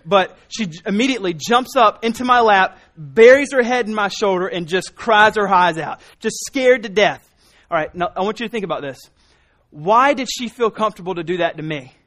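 A man's voice: high-pitched, animated, fairly quick, fairly bright tone. A man in his thirties preaching a sermon, telling a family story in a loose, conversational way with frequent restarts. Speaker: pastor.

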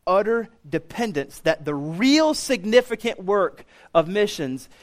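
Animated preaching man, high voice. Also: unhurried. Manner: animated, rising loud when quoting others. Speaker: pastor. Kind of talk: sermon.

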